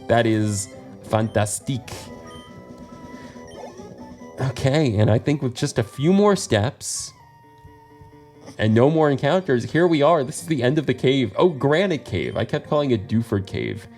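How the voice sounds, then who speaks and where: American dude doing let's play commentary, chatty and laughy, regular mid voice, faint game music under it. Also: male voice, medium pitch, very animated, moderate pace, gravelly, darkish tone. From United States. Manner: chatty, laughs often, self-deprecating asides. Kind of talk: casual video game commentary.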